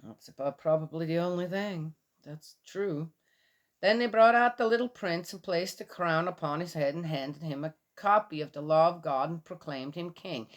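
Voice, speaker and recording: A woman's voice: fairly low pitch, normal speed. A woman reading a Bible passage aloud and commenting on it in a casual, skeptical way, asking many rhetorical questions.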